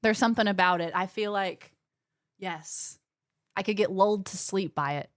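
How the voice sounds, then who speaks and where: A young woman streaming a game, chatting with her viewers in quick, casual asides. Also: mid-range voice, dry recording, clean studio sound. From Australia. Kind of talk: casual chat while gaming.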